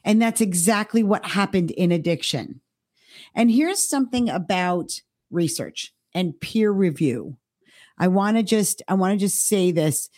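A woman co-hosting a podcast, talking casually and stressing her main points by slowing down on key words. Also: mid-range voice, expressive, a little mellow, no room sound, studio quality. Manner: emphatic, stresses key words with slowed delivery. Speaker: podcast co-host.

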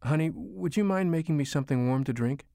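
A man voicing a gentle, ill young mother in a storybook reading, soft and soothing. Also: a little high, quick pace, no echo, studio quality, voice pushed up, natural voice. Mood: coaxing.

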